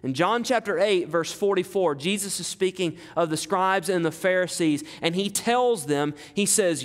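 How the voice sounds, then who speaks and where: A man's voice: high voice, normal speed, hardly any pauses. A man preaching an expository sermon, emphatic, repeating phrases and asking the congregation rhetorical questions. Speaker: pastor. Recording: long reverb of a hall.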